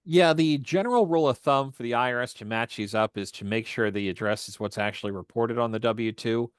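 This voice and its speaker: A man teaching volunteer tax preparers, walking through a form step by step in a steady explanatory way with frequent fillers. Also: medium pitch, a little fast, smooth, no echo, studio quality. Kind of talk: instructional walkthrough.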